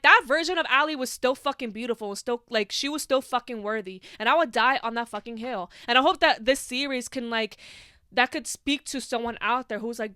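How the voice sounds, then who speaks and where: A young woman carries a solo podcast with a bright, smooth, clear voice pitched a touch high. She talks with passion and plenty of swearing, leaning on "like" and "you know" as she goes. The sound is dry and close, with no room around it. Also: no echo. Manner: passionate, profane, heavy use of filler "like". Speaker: podcast host. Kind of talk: casual solo podcast monologue.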